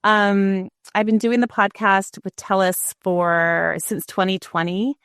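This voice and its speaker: A woman's voice: mid-range voice, level tone, takes it slowly, fairly bright tone, smooth, dry recording, clean studio sound. A middle-aged woman, a former news anchor, talking frankly and reflectively as an interview guest, often restarting her sentences. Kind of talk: candid interview conversation.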